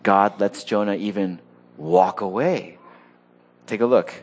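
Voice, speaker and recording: A man preaching a sermon, animated, acting out quotes and often repeating words as he goes. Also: on the low side, slow pace. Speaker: pastor.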